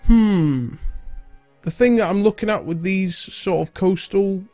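A young man hosts a casual gaming let's-play, his voice thick and stuffy from a cold. He chats and rambles easily, sitting on the higher side of the usual male range. The sound is dry and close, with faint music playing underneath. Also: measured pace, warm tone, no echo. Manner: chatty, rambling, British-sounding slang. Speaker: gaming video host.

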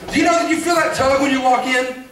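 A man's voice: extremely high pitch, fairly even intonation, fast, fairly bright tone. A male preacher giving a sermon in a church, repeating phrases and calling for responses from the congregation. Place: church sanctuary. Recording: echoey church from a distance.

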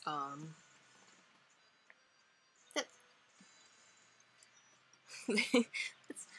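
A woman's voice: medium pitch, unhurried, pauses often, husky, rough recording. Chatty woman reading a game aloud. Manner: chatty, rambling, playful voice acting. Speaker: let's play narrator. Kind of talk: reading and voicing a visual novel game.

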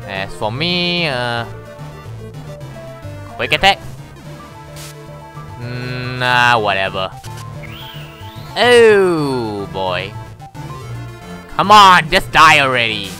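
A man's voice: mid-range voice, animated, drawn-out words, pauses often, pushed and bright, soft background music. A man giving casual let's-play commentary, exasperated and swearing mildly at the game. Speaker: gamer.

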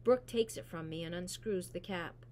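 Woman reader, steady narration of a novel, low-pitched voice, faint hum behind. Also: normal speed. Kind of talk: reading a novel aloud. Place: school library.

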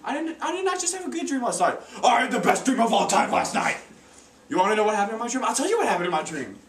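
A teenage boy putting on the voice of a brash, boastful young rapper who interrupts loudly. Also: very high-pitched, big pitch swings, quick pace, voice pushed up, heavily acted. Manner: shouting interruptions, singsong. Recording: echoey room, taped from far off.

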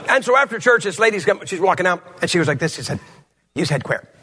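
A man's voice: high voice, animated, rapid-fire, background noise. A man preaching a humorous sermon at a church service, telling stories in a blunt, joking way.

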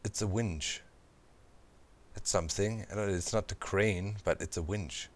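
A man hosting a gameplay channel, chatting casually and thinking out loud as he plays, throwing in little sound effects. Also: low-pitched, normal speed. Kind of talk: casual let's-play commentary.

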